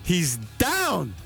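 A man tells a rambling story, swearing freely and acting out everyone's lines in his own voice. His voice sits a bit high for a man and swings widely in pitch. Soft music plays in the background. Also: vocal fry. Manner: profane, animated, acts out quotes. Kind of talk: casual storytelling.

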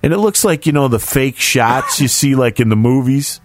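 A man telling a story in casual chat, animated and swearing freely, acting out what others said. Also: mid-range voice, moderate pace, dry recording, soft background music. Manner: animated, acts out quoted voices, swears freely.

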